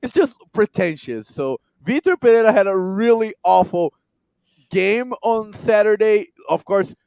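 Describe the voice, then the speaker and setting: High-voiced Brazilian-accented man chatting sports. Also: vocal fry, clean tone, dry recording. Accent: Brazilian Portuguese. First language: Portuguese. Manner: animated, halting with many fillers. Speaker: podcast co-host. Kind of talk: casual sports chat.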